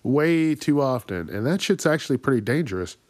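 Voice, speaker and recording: A man's voice: mid-range voice, animated, brisk, darkish tone, no room sound. Profane ranting man, dry close sound. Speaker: podcast host. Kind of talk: ranting comedic monologue.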